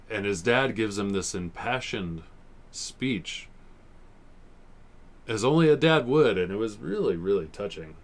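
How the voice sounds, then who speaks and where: A man's voice: sits low, animated, measured pace, pauses often. A man in his forties hosting a podcast, casually rambling and swearing as he reviews old TV episodes. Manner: rambling, swearing, laughs often. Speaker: podcast host.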